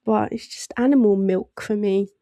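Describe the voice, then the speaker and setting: A woman's voice: medium pitch, steady tone, moderate pace, warm tone, no echo. A woman giving a casual tarot reading, chatty and laughing often as she acts out little voices in asides. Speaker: tarot reader.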